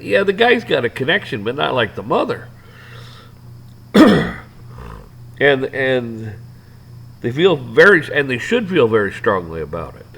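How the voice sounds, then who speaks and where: A man's voice: medium pitch, gravelly, fairly bright tone, low-quality recording. A man ranting off the cuff, rambling and swearing, with lots of restarts and fillers. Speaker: vlogger ranting to camera. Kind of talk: off-the-cuff rant.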